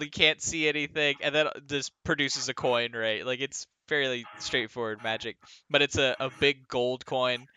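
Bright-voiced man running a tabletop game. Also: mid-range voice. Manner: animated, laughs often, many fillers. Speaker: game master.

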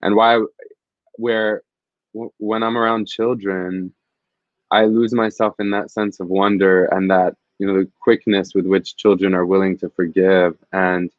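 A man's voice: deep voice, little pitch movement, unhurried, no room sound, muffled recording. A man, a field reporter, telling stories in an interview in an earnest, reflective, rambling way. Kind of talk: conversational interview storytelling.

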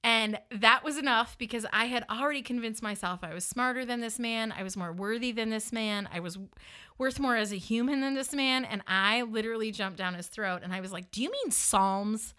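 A woman hosting a podcast, telling a personal story in an animated, self-mocking way and acting out the dialogue. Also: on the high side, a little fast, clear, resonant tone. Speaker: podcast host.

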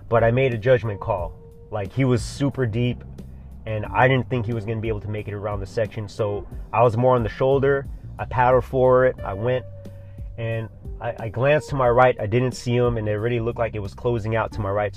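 A man hosting a casual solo podcast, telling a story in a rambling, profane surfer-bro way. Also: medium pitch. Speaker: podcast host.

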